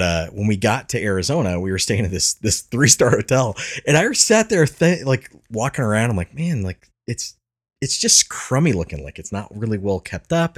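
A man hosting a casual podcast, laughing often, swearing freely and rambling through restarts. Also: low voice. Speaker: podcast host.

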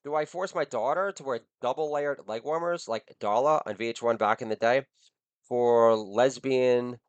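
A middle-aged man rattles off a crude comic monologue for his podcast, often laughing at his own lines. His pitch leaps around with lively energy, and his voice sits dry and close to the mic with no room around it. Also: no echo. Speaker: podcast host.

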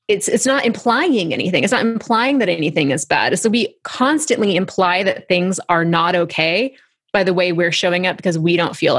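A woman's voice: lowish voice, a bit bright. A woman coach in casual conversation, encouraging and affirming as she talks.

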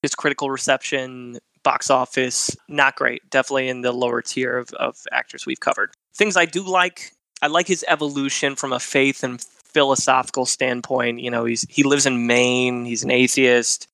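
A man hosting a casual podcast, thinking aloud and giving his take in a relaxed way. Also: medium pitch, moderate pace, creaky, no echo. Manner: relaxed, thinks out loud with restarts. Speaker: podcast host.

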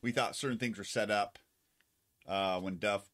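Rambling low-voiced man co-host. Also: steady tone, a bit bright. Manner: rambling, halting restarts. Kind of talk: casual livestream chat.

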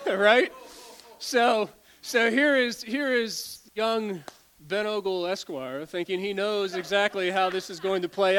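A pastor in his forties preaches a sermon, animatedly telling stories while frequently stumbling over and repeating words and laughing. His voice is high-pitched with a fairly bright tone.

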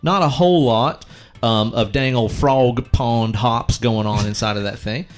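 A man's voice: medium pitch, measured pace. A man hosting a casual podcast, laid-back and folksy, swearing freely. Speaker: podcast host. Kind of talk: casual chat.

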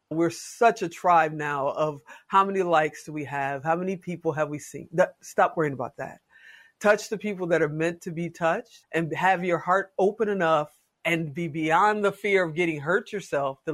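A woman in her late fifties, a podcast guest talking in a casual interview as an expressive, folksy storyteller. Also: deep voice. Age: 50s.

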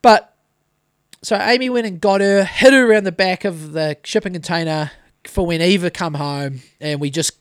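A man in his thirties with a New Zealand accent hosts a casual podcast, telling a rambling story and swearing freely. His voice is high and smooth at a moderate pace. The recording is clean studio sound with no echo.

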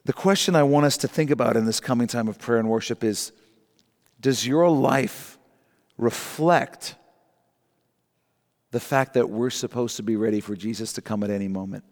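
A middle-aged man preaching a sermon, emphatic and rising in pitch on key points, slowing down to read scripture aloud. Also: a little mellow. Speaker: pastor. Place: church sanctuary. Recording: long hall reverb.

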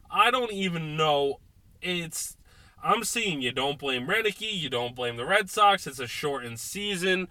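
A tipsy man hosting a casual sports podcast, ranting and swearing in exasperation, with sudden loud outbursts between beers. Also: a little high, expressive, a little slow, no echo. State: drinking beer, tipsy. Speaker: podcast host.

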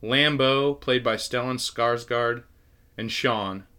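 A young man co-hosting a casual faith-based movie podcast, chatty and quick to laugh. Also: mid-range voice, fairly even intonation, pushed and bright, smooth. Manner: chatty, laughs often, restarts phrases. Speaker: podcast co-host.

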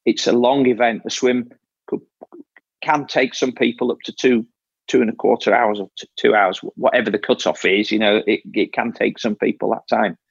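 A man's voice: medium pitch, steady tone, moderate pace, vocal fry, slightly rough, no echo, muffled recording. A man coaching an athlete in casual talk, explaining step by step and often restarting his phrases. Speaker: triathlon coach.

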